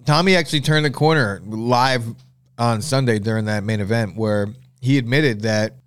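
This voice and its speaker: A man's voice: mid-range voice, moderate pace, fairly bright tone, clean tone, no echo, studio quality. A man hosting a casual podcast chat, joking and swearing freely. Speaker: podcast host.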